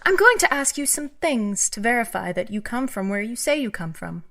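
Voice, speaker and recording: An actress playing an eerie, inhuman female customs officer who speaks in a calm, cold, measured and menacing way. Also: a little high. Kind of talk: audio drama acting.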